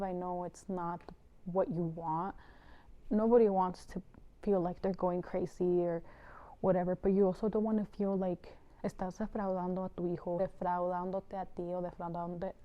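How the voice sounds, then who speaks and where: A woman's voice: lowish voice, muffled recording. A young adult woman talking earnestly and chattily to her viewers in a casual vlog, with lots of "like" and "you know". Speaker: vlogger. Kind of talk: casual heartfelt vlog talk.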